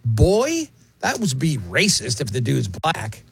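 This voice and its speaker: A man's voice: mid-range voice, takes it slowly, creaky, breathy edge, no echo. A man hosting a radio talk show, bantering casually and acting out quoted voices with jokes. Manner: animated, jokey, acts out quoted voices.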